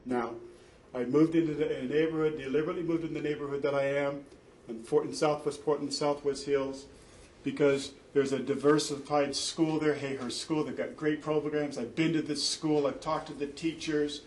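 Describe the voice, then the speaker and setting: A man's voice: fairly high pitch, little pitch movement, moderate pace, a little mellow. A man, a father and church deacon, giving an impassioned testimony in an indignant, emphatic way, often restarting his sentences. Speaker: father testifying in a custody dispute. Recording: echoey room with faint background noise.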